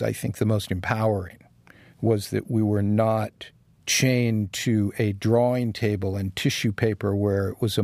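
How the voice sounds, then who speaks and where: A man with a gravelly, slightly husky voice tells his stories in an easy, reflective way and chuckles along the way. He is recorded dry and close, with no room sound. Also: fairly low pitch, a little mellow, no echo. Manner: reflective, chuckles while telling anecdotes. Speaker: guest designer. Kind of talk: casual interview conversation.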